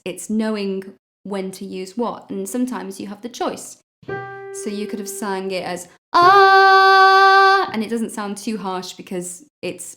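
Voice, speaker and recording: A woman's voice: mid-range voice, darkish tone. A woman teaching a singing lesson, explaining patiently and stopping to demonstrate notes with her voice. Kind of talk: vocal lesson.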